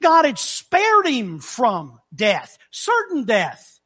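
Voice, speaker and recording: A man's voice: very high voice, wildly swooping pitch, very slow, sharp tone, husky. A man preaching a sermon in a conversational way, acting out the scripture as he reads it. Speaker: pastor.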